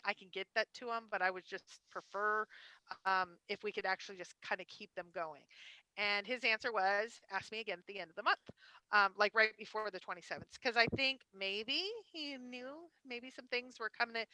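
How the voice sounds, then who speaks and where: A woman's voice: mid-range voice, sharp tone, clear, resonant tone, no room sound, low-quality recording. A woman co-hosting a live-stream treasure hunt show, chatting casually and rambling with frequent "um"s.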